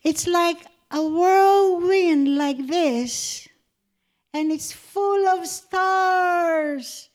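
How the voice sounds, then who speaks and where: A woman's voice: very high voice, very slow. A woman giving an emotional devotional testimony, fervent and tearful, often breaking into laughter. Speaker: speaker sharing a Christian testimony.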